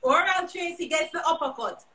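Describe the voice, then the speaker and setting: A woman's voice: very high-pitched, animated, brisk, very noisy. A woman with a Jamaican accent hosting a casual chat, playful and teasing her guests. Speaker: show host.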